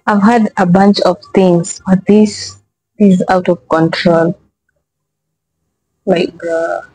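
A woman's voice: on the low side, steady tone, slow, a little mellow, slightly rough, no echo, poor audio. A woman hosting a reaction video, talking casually, exasperated and profane, often repeating herself.

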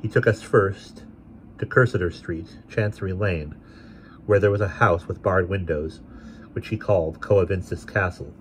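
A man narrating a classic novel aloud in a steady, expressive way. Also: low-pitched, unhurried, a little hiss or hum. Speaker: audiobook reader.

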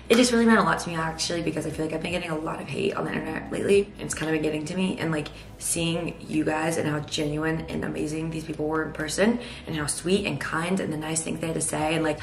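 Fast-chatting young woman vlogger. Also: sits low, creaky. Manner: rapid chatty storytelling, constant "like" fillers. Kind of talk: casual storytelling to camera. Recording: roomy echo, faint background noise.

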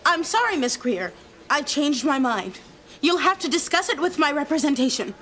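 A woman's voice: sits high, big pitch swings, moderate pace, background noise. An actress playing a nerdy, awkward teenage schoolgirl in a TV sitcom, speaking earnestly and precisely. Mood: apologetic. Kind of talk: sitcom acting.

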